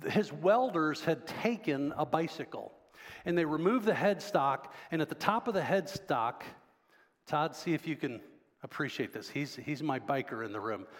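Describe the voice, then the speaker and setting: A man's voice: fairly high pitch, animated, normal speed, big-room sound. A man preaching a sermon as pastor, talking conversationally and quizzing the congregation. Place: church sanctuary.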